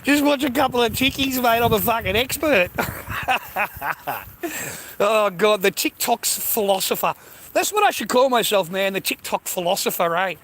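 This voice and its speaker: High, bright-voiced Australian man rambling. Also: expressive, moderate pace, poor audio. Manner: loose and rambling, swears constantly, calls listeners mate and bro. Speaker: vlogger. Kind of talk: rambling casual monologue to camera.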